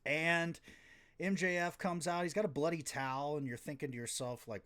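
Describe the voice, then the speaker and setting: A man's voice: fairly high pitch, fairly even intonation, moderate pace, a bit bright. A man hosting a podcast, recapping wrestling casually, rambling and sarcastic, swearing often. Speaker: podcast host.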